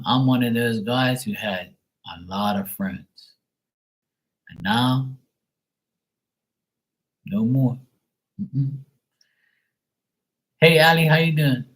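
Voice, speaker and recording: A man's voice: medium pitch, low-quality recording. A man chatting casually on a live tarot stream, blunt and swearing freely. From Bermuda.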